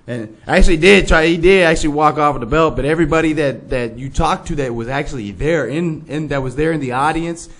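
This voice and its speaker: A man's voice: on the high side, fairly quick, hardly any pauses, fairly bright tone. Stuffed-up, laid-back male show host. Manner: laid-back, loose, swears freely. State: stuffed-up head cold with fever. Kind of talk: casual live web-show talk.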